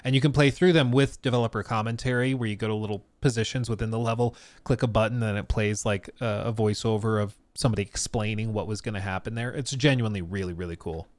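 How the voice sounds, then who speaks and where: A man's voice: fairly low pitch, steady tone, fast talker, hardly any pauses, dry recording. Male streamer host, casual and rambling, dry close sound. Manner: rambling, with many fillers and restarts. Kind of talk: casual livestream chat.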